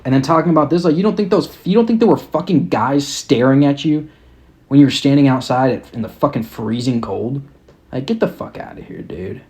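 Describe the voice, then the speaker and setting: A man's voice: mid-range voice, expressive, brisk, darkish tone. Profane, ranting young male podcast host. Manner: profane, mocking, exasperated. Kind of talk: casual rant.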